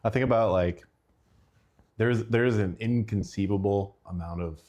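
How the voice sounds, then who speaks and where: Deep mellow male podcast host. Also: a little slow. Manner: relaxed, easygoing listener with fillers. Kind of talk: casual chat.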